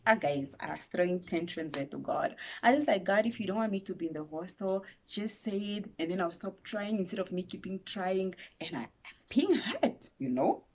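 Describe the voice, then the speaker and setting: A woman in her twenties with a Namibian accent, telling a story to her vlog viewers in a dramatic, animated way. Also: fairly low pitch, fairly quick, hardly any pauses. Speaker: YouTuber.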